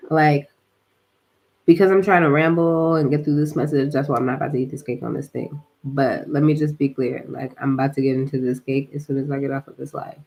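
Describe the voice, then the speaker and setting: A woman's voice: a bass voice, flat delivery, fairly quick, mellow. A young woman, tired from a workout, hosting a casual spiritual livestream, rambling with lots of fillers and slang. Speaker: livestream host.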